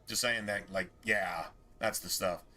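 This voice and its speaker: A man's voice: on the low side, steady tone, measured pace, bright, forceful tone. A man streaming a game, rambling casually with a lot of swearing and exasperation. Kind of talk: casual gameplay commentary.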